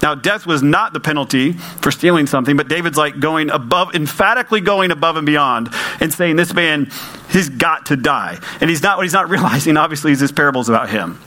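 A man's voice: on the high side, expressive, fast talker, bright, forceful tone, poor audio. A man preaching a sermon to his congregation in a conversational way, with rhetorical questions and emphatic repetition. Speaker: pastor.

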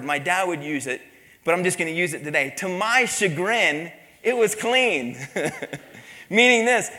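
A man's voice: high-pitched, pushed and bright, long reverb tail. A man preaching a sermon as pastor, telling a personal story with mimicked voices and laughter.

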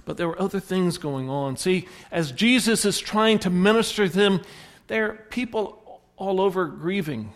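This preacher's voice is high, with lively intonation and an ordinary speaking speed. He narrates a story from the pulpit and acts out the characters' dialogue, all under a long, echoing hall reverb.

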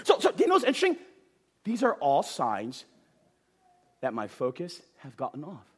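Animated high-voiced male preacher. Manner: animated, swings from loud outbursts to hushed tones; laughs often, repeats words for emphasis. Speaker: pastor. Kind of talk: sermon.

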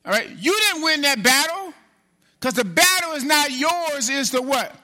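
High, piercing, animated male preacher. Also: normal speed. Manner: animated preaching with call-and-response; acts out biblical figures in quoted speech. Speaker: pastor. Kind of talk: sermon.

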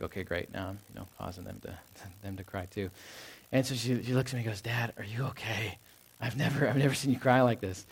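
A man's voice: lowish voice, a little mellow. A man in his thirties preaching a sermon in a church, talking in a personal, conversational way with plenty of fillers and restarts. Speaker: pastor. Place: church sanctuary.

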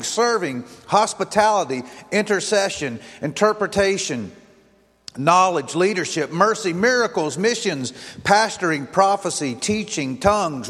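Man, pastor, sermon, emphatic repetition, fairly high voice, long church reverb. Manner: repetitive, emphatic preaching, lists words one by one. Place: church sanctuary.

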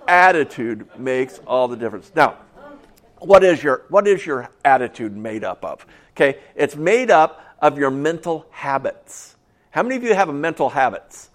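Folksy male pastor preaching to his congregation. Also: mid-range voice. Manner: conversational, asks the congregation questions, repeats key phrases; acts out stories with voices, drops to soft tones for effect. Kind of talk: sermon.

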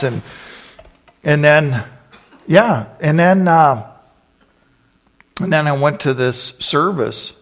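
Man of middling pitch, preacher; lively storyteller who bursts into loud exclamations. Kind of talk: conversational sermon storytelling.

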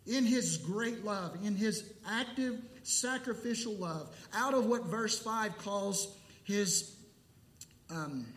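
High-voiced, slow-preaching man in an echoey room. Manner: emphatic, deliberate preaching with pauses. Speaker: pastor. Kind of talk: sermon. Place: church sanctuary.

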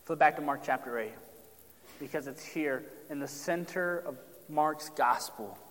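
A man's voice: a little high, unhurried, fairly bright tone, long reverb tail. A pastor preaching a sermon, addressing his congregation directly and building emphasis as he reads from Scripture.

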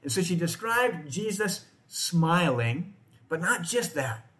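Male pastor, slightly higher voice, conversational sermon delivery. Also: very animated, slow pace, fairly bright tone. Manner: conversational, asks the congregation questions. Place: church, in front of a congregation.

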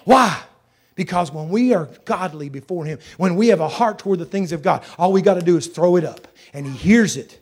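A man with a high voice preaches a sermon. He drives his points home by repeating phrases. He drops to a hush, then climbs back up to a loud pitch. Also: expressive, a little fast, slightly rough. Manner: emphatic, repeats phrases, swings loud and soft.

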